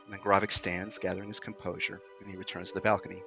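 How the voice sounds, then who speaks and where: Gravelly game master narrating a scene. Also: male voice, deep voice, level tone, fast talker, pushed and bright, soft background music, poor audio. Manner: descriptive storytelling with frequent fillers.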